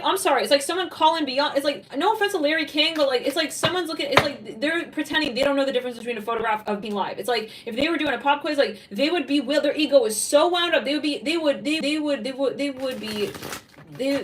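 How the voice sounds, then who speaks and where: A woman's voice: fairly high pitch, far from the mic, rough recording. A woman giving a psychic tarot reading, blunt and rambling, swearing freely and voicing what she is picking up. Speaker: tarot reader.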